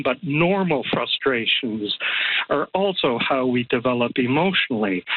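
A man's voice: mid-range voice, dry recording, narrow, tinny audio. A man phoning in to a radio talk show as a psychoanalyst, slightly out of breath, hesitant and thoughtful with many ums. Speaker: caller, psychoanalyst. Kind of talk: radio call-in.

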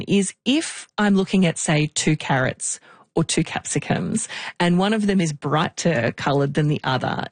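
A woman's voice: low-pitched, dry recording. Friendly woman podcast host, dry close sound. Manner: friendly, playful, asks and sums up. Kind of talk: conversational podcast interview.

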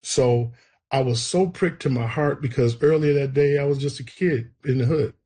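Husky man telling an earnest story. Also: mid-range voice, moderate pace, mellow. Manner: emotional, earnest storytelling with quoted prayers. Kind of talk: personal storytelling.

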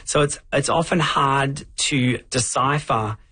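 Husky-voiced doctor explaining carefully. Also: male voice, mid-range voice, pushed and bright. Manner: measured, explanatory. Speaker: infectious disease doctor, guest. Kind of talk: interview answers.

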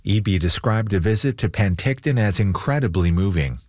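Man reading the news with lively intonation. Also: fairly low pitch, a little fast, no echo, clean studio sound. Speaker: news anchor. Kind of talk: newscast reading.

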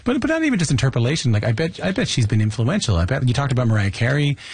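A man hosting an interview, asking questions in a quick, conversational way. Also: mid-range voice, big pitch swings, slightly rough, no echo. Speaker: interviewer host.

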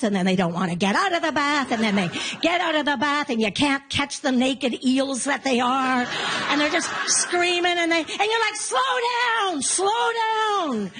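A woman in her fifties performing a stand-up comedy set, telling animated stories and acting out quotes. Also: sits high, normal speed, background noise. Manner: animated storytelling with acted-out quotes.

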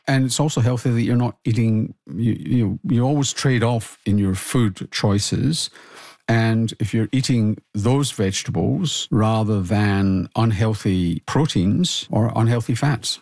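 A man, co-hosting and explaining food science in a measured way, listing points with small restarts. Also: on the low side, gravelly, a little mellow, no room sound, clean studio sound. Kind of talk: explanatory chat about nutrition.

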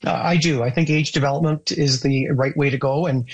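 A man speaks as a guest on a radio show, explaining his points steadily. His voice sits at a middle pitch, and his delivery is calm and methodical. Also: brisk, muffled recording. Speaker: education guest. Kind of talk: radio interview answers.

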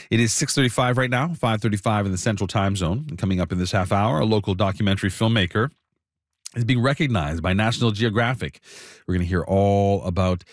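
Guy hosting radio, very deep voice, dry studio, laid back. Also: dry recording. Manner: relaxed, with fillers. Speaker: radio host. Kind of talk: radio show host talk.

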